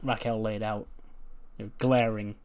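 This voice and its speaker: A man's voice: lowish voice, flat delivery, a little slow, a little mellow. A man casually narrating a wrestling simulation game in a rambling, loose way. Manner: rambling, loose, filler-heavy storytelling. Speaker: gaming video host.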